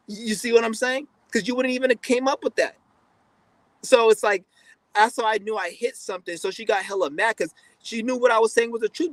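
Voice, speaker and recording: A man's voice: sits high, dry recording, poor audio. A man giving a blunt, profane, rambling casual monologue as a podcast host.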